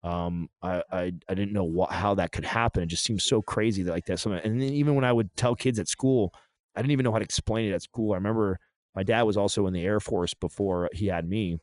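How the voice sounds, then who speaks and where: A man talking through a painful personal story in a halting, emotional way, often restarting his sentences. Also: fairly low pitch, no room sound. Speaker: podcast guest.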